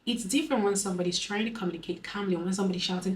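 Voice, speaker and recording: A young Nigerian woman with a Nigerian English accent, giving advice to her viewers in a slow, calm, deliberate way. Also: fairly low pitch, slight background noise, poor audio. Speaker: beauty and lifestyle vlogger. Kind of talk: advice vlog.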